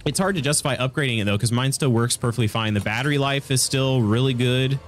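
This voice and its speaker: A man's voice: mid-range voice, fast talker, slight background noise. A man streaming a video game, congested with a stuffy nose, chatting casually and laughing with his viewers. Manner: chatty, reacts to chat, laughs often. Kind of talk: casual gaming stream chat.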